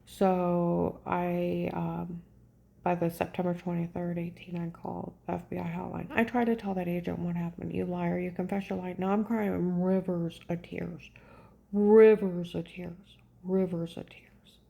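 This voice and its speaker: A woman telling a personal story in a rambling, agitated way, often pausing to ask "okay?" and trailing off. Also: on the low side, flat delivery, gravelly, dark tone. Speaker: vlogger recounting a personal ordeal.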